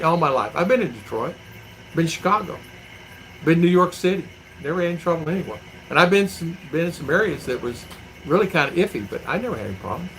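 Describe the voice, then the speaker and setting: A middle-aged American man with a slightly high voice chats casually on a livestream from home, reading viewer comments as a vlogger. He rambles, repeats himself, and tells folksy stories while answering them. The recording is low quality with slight background noise.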